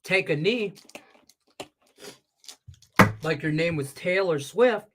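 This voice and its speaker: Speaking slowly and pausing often, a man with a voice on the high side rants on a Las Vegas sports betting show, with background noise behind him. His casual rant is heated, animated and full of profanity, and his voice is congested from stuffed sinuses.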